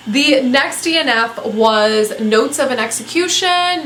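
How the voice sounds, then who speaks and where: A woman's voice: fairly high pitch, a little slow, hardly any pauses, bright, forceful tone, reverberant, slight background noise. A woman chatting casually about books she disliked, blunt and rambling, with lots of fillers and some swearing. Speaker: book vlogger. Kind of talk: casual book review chat.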